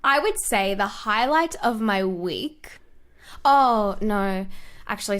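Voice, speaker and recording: A woman's voice: mid-range voice, lively intonation, a little slow, clear, resonant tone. A woman, co-hosting a podcast in casual chat, teasing and laughing often. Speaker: podcast co-host.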